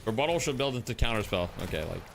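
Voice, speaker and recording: A man's voice: fairly low pitch, animated, fast, creaky, noisy background. A man from Canada who hosts a stream and gives casual live commentary on a game, joking and swearing now and then.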